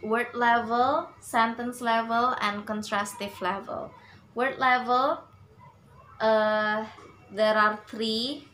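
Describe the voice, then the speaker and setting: Very slow, halting woman presenting. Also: a little high, steady tone, pushed and bright, a little hiss or hum, poor audio. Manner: halting, many pauses and fillers. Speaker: student presenter. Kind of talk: class presentation on English stress.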